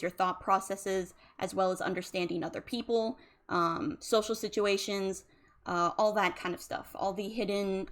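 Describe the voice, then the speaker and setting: A woman, a drowsy, yawning streamer who rambles casually about emotions with lots of fillers. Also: mid-range voice. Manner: rambling, chatty, many fillers. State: sleepy, yawning.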